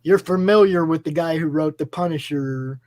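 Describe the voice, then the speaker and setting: A man's voice: on the high side, moderate pace, a little mellow, rough recording. A man hosting a casual chat, enthusiastic and rambling, with many fillers and restarts. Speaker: host. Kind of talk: casual chat about comic books.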